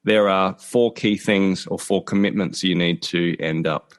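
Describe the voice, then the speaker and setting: A man with a South Australian accent, a podcast guest giving thoughtful, measured answers over a video call. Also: sits low, fairly even intonation. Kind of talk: interview answers.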